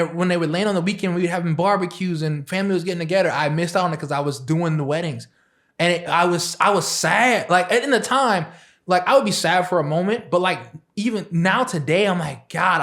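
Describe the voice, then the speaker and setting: Young guy on a podcast, kinda high bright voice, gets worked up and laughs telling stories. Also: brisk. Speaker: guest, DJ and chef. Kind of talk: casual podcast chat.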